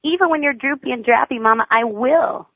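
A woman's voice: high-pitched, brisk, no room sound, pitched above the performer's own voice. A woman voicing a cranky, clingy four-year-old girl who whines, screeches and lisps in baby talk. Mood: eager. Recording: tinny phone-like line, dry.

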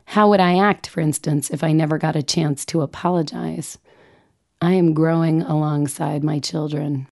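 A woman's voice: low voice, steady tone, normal speed, creaky, a little mellow. A woman, a mother, reading her own personal essay aloud with wry, self-mocking humor. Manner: wry, self-mocking, vividly comic phrasing.

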